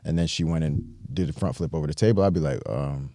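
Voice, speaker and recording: Laid-back deep American man host. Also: fast talker, dark tone, dry recording, studio quality. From United States. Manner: laid-back, laughs easily. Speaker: podcast host. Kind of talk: casual chat.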